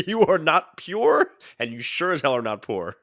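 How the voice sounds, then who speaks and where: Lively, bright-voiced man on a podcast. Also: on the high side, a little slow, vocal fry, no echo, studio quality. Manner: animated storyteller who jumps into quoted voices. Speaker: podcast co-host. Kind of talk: casual podcast chat.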